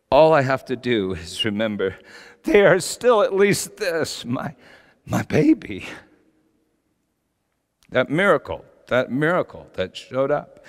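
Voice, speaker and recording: A middle-aged man preaches a sermon with passion, moving between quiet reflection and loud emphasis. His voice carries a long reverb in a large church hall. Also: mid-range voice, smooth. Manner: passionate, storytelling, rising to shouts. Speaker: pastor.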